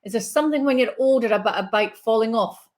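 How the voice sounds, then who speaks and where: A woman's voice: fairly high pitch, quick pace. Soothing woman giving a medium reading. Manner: soothing, reassuring, checks in with frequent "okay?". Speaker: spiritual medium. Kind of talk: live online reading.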